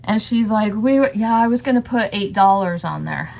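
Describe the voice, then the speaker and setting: A woman's voice: medium pitch, expressive, normal speed, creaky, a little mellow, a little hiss or hum. Chatty woman showing thrift finds. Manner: chatty, rambling, laughs often. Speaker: reseller vlogger. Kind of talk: casual thrift haul chat.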